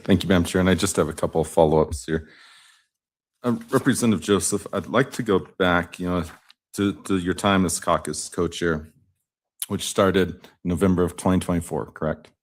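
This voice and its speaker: A man's voice: low voice, steady tone, moderate pace. A man questioning a witness at a formal hearing, methodically going through dates and figures with occasional fillers.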